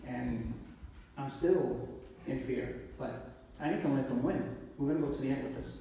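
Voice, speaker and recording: A police officer, talking emotionally and apologetically on a live panel. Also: male voice, mid-range voice, creaky. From the Bronx, New York. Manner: emotional, apologetic, rapid bursts. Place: event hall. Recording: echoey hall, distant mic, faint hiss.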